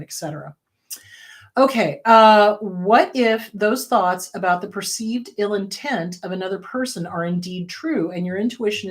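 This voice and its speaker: A woman therapist hosting a talk show, speaking candidly and bluntly, with sudden loud, high bursts when she quotes people. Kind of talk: casual advice talk.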